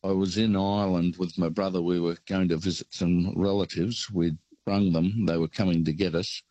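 An older Australian man calling in to a radio show, telling rambling, relaxed travel stories. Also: low voice, normal speed, no room sound, low-quality recording. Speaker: caller. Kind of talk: phone-in storytelling.

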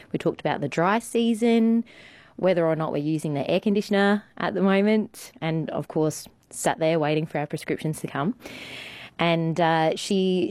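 A woman telling a casual story on radio, rambling warmly with lots of ums and you-knows. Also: sits low, dry recording. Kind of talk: casual anecdote.

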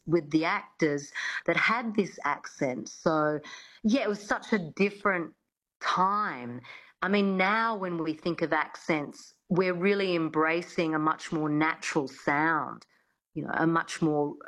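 A woman's voice: lowish voice, a bit bright, poor audio. A middle-aged woman, an accent coach, explaining as a radio guest with frequent fillers. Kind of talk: radio interview.

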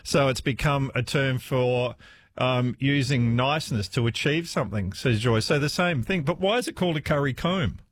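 A man hosting a phone-in radio show, chatty and quick to laugh. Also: mid-range voice. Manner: lively, chatty, laughs easily. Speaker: radio talkback host. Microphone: studio microphone.

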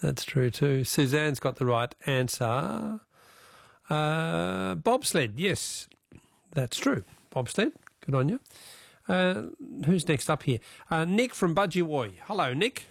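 An Australian man hosts a radio quiz show, chatting with callers and reading out their names and answers. His voice sits a little high with a gravelly edge. The studio sound is dry and close, with no room echo. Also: big pitch swings, takes it slowly.

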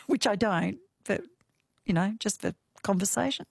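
A woman's voice: medium pitch, normal speed, creaky, dry recording. A middle-aged Australian woman hosting a casual radio chat and quiz, chatty, with frequent fillers and easy laughter. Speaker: radio host.

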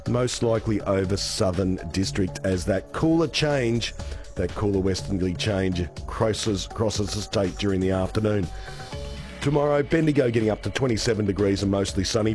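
A man with an Australian accent and a croaky voice, presenting a chatty, upbeat radio weather and traffic update. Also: on the low side, darkish tone.

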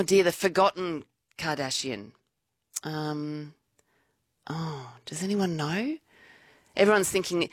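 A woman's voice: fairly low pitch, no echo, clean studio sound. An Australian woman hosting a live radio quiz, chatty and playful, laughing often. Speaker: radio host. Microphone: studio microphone.

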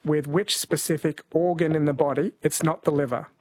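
A man's voice: on the high side, fairly even intonation, a little fast, a little mellow, no echo. A man hosting a talkback radio quiz, friendly and easygoing with callers.

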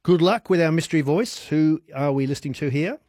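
A man's voice: a little high, brisk, darkish tone, no echo. A man hosting a radio quiz, chatty and upbeat, often laughing.

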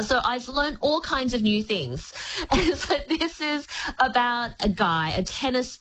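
A woman chatting as a guest critic, explaining shows at length in an articulate, lively way. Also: medium pitch, poor audio. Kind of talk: casual review chat.

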